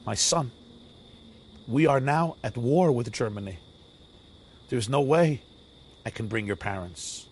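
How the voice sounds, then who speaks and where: A man doing a gentle, grave old king. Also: medium pitch, animated, slow pace, long pauses, breathy edge. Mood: solemn. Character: kind, grave older male king.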